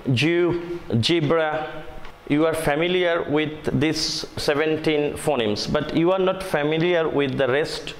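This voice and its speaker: Slow Bangladeshi-accented male teacher. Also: on the high side. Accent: Bangladeshi English. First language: Bengali. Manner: slow, deliberate, spells out sounds one by one. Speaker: English teacher. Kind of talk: online phonetics lesson. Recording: echoey room with long reverb and faint noise.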